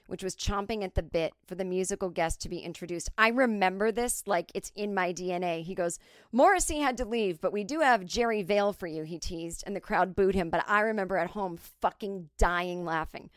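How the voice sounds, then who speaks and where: A woman comedian telling a story in a casual, animated, profane and self-mocking way on a close mic. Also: fairly low pitch, no echo. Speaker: comedian and podcast host.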